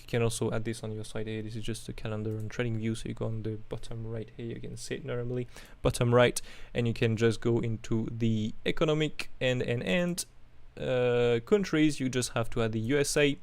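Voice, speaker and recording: Host, male, French accent, gravelly voice, relaxed think-aloud delivery with hums and restarts. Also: mid-range voice, brisk, few pauses. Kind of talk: live chart analysis.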